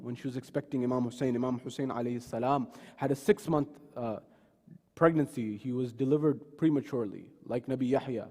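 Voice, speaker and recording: A man's voice: medium pitch, steady tone, a little fast, darkish tone. A man delivering a sermon in a mosque, telling stories dramatically and acting out the people he quotes. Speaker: speaker at a mosque. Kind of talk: sermon with acted retellings. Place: mosque hall. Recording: long hall reverb.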